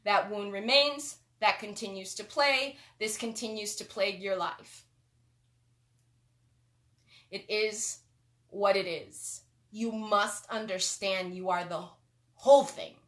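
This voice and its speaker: A woman hosting a spiritual teaching talk, speaking emphatically and swinging between loud stresses and soft asides. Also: medium pitch, slow. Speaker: host.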